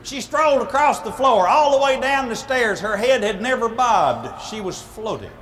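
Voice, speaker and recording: A man, a humorist minister telling an animated, playful comic story at a live speaking event. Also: extremely high pitch, normal speed, a little hiss or hum. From Southern United States. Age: 40s.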